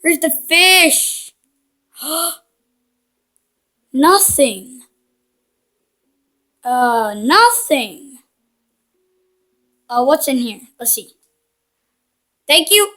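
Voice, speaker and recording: A woman's voice: high-pitched, animated, drawn-out words, pauses often, pushed and bright. A woman commenting casually while playing a video game, playful and cheeky, teasing the characters on screen. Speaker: gaming channel host. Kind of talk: casual let's-play commentary.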